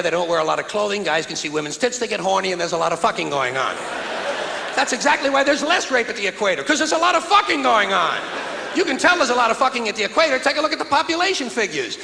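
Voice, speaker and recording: Male stand-up, high and gravelly, swinging pitch, sardonic and profane, live theater recording with hall echo. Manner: profane, sardonic, building to shouted punchlines. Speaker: stand-up comedian. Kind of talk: stand-up comedy routine. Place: theater stage before a live audience. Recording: echoey hall, audience laughter, noisy.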